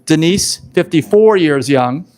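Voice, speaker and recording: A man's voice: a little high, expressive, measured pace, darkish tone. A man in his fifties hosting a live event presentation, talking in an upbeat, chatty, loose and rambling way. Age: 50s. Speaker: event host.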